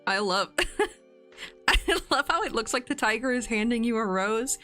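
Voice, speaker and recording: A woman's voice: fairly high pitch, moderate pace, sharp tone, soft background music. A woman in her twenties, streaming casually and reading out birthday messages, giggling and getting emotional as she goes. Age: 20s. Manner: giggly and emotional, laughing often.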